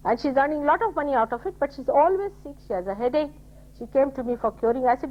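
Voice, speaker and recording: An older woman giving a spiritual talk to her followers, telling stories with quoted dialogue and scolding in an animated way. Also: high voice, fast. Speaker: spiritual teacher. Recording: dull lo-fi 1980s tape.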